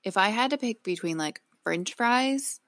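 A woman's voice: medium pitch, expressive, a little slow, a bit bright, no room sound, clean studio sound. A young woman co-hosting a podcast, chatting casually and rambling, often interrupting herself mid-sentence. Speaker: podcast co-host. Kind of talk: casual chat.

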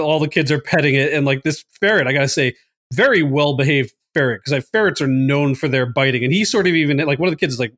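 A man recapping a movie in casual podcast chat, animated, laughing often and full of fillers. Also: medium pitch. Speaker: podcast co-host.

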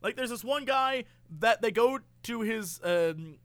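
A man's voice: very high-pitched, a little slow, smooth, no room sound. A man in casual chat, animatedly retelling a movie plot and acting out the characters' lines. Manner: animated storyteller, acts out quotes.

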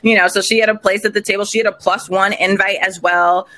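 A woman guest in a casual interview, telling her story in an animated, expressive way. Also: mid-range voice, fast talker. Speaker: podcast guest, recent bride.

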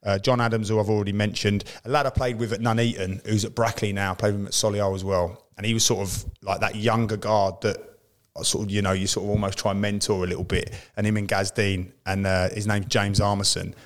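A British man, a former footballer co-hosting a podcast, chatting casually and telling lively anecdotes about old teammates. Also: lowish voice, fast. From Britain. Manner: animated storyteller who acts out teammates' lines.

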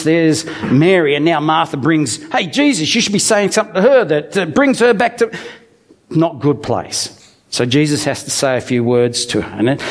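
Animated, high-voiced male preacher. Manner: animated storytelling with humorous asides. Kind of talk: conversational sermon with Bible reading.

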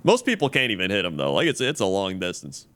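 A man's voice: low voice, wildly swooping pitch, fast talker, a bit bright. A man co-hosting a podcast, telling a rambling story in casual chat full of fillers and restarts. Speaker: podcast co-host.

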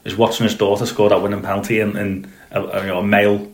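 A man co-hosting a casual football podcast. His voice sits fairly low, and he rambles along with plenty of "um"s and false starts. The recording has a roomy echo around it. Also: little pitch movement, fast. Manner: rambling, with many fillers and restarts. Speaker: podcast co-host. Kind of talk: casual chat.

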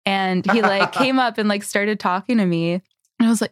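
A woman's voice: mid-range voice, normal speed, no echo, clean studio sound. A young woman from Canada telling a story in casual chat, giggly and full of likes. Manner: giggly, filler-heavy storytelling.

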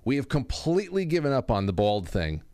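A man's voice: mid-range voice, very animated, brisk, dark tone, dry recording, clean studio sound. A middle-aged man hosting a casual call-in talk show, chatty and reading listener stories aloud. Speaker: radio talk show host.

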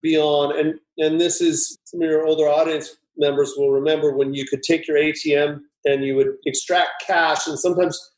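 Middle-aged guy spinning a funny story, bit high voice, lots of echo. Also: moderate pace, hardly any pauses. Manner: animated, acts out voices in anecdotes. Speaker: screenwriter guest. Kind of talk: casual storytelling. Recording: roomy echo.

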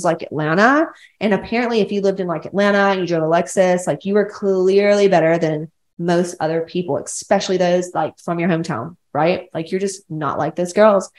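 Recorded in an echoey room, a woman with a low-leaning voice and a Southern accent from West Georgia hosts her own casual podcast. As a women's coach, she talks in a solo monologue that's blunt, rambling, and heavy on swearing.

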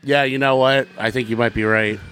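A man's voice: mid-range voice, steady tone, fairly quick, a bit bright, clean tone. Rambling man hosting a movie podcast. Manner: rambling storytelling with restarts. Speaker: podcast host. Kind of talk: casual chat, film commentary.

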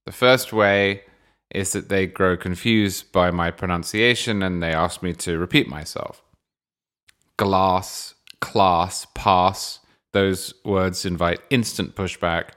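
English guy hosting his podcast, lowish voice, dry jokey tone. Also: fairly even intonation, measured pace, a bit bright. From England. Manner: wry, dry humor. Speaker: podcast host. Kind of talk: podcast monologue answering listener questions.

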